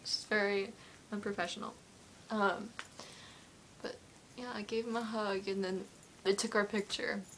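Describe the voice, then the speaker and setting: A woman's voice: mid-range voice, little pitch movement, normal speed, long pauses, fairly bright tone, a little hiss or hum. A woman answering fan questions in a casual home vlog, rambling, giggling and apologizing as she gets emotional telling a story. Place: at home with her cat.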